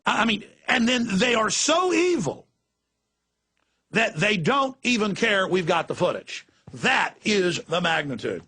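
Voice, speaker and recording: A man's voice: high voice, big pitch swings, a little slow, pushed and bright, breathy edge. A middle-aged man hosting political talk radio, ranting in a fiery, emphatic way. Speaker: radio talk show host.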